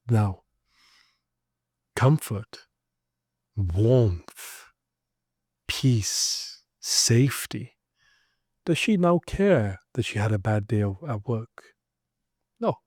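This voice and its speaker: A man's voice: on the low side, expressive, slow, pauses often, darkish tone, slightly rough, no room sound, studio quality. A man giving direct, emphatic relationship advice in an instructional monologue, acting out small example scenes. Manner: direct, emphatic, lecturing listeners with acted examples. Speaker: relationship coach.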